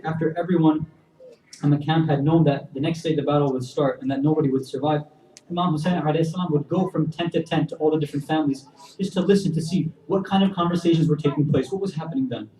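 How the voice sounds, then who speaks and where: Male preacher, emotional storytelling sermon, high voice, recorded from afar in a roomy hall. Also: steady tone, fast talker. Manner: builds from hushed to impassioned, addresses audience directly. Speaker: speaker at a religious gathering. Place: community center hall. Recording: echoey hall, voice from a distance.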